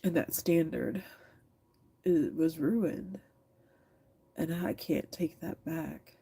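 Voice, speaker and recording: A thirtysomething livestreamer reads her chat through her phone camera, tearful and candid, swearing freely and firing back at commenters. She speaks slowly in a low, warm voice with a breathy edge.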